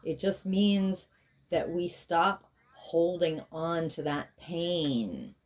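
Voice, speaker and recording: Lower-voiced woman giving a rambling spiritual reading. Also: animated, very slow, darkish tone. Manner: rambling, chatty asides, drops into intense repeated incantations. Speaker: tarot reader and spiritual healer. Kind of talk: spiritual tarot reading with chanted affirmations.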